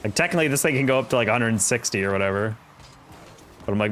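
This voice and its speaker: A man's voice: medium pitch, animated, quick pace, fairly bright tone, a little hiss or hum. A young man chatting casually on a live game stream, rambling and reacting to chat while he plays.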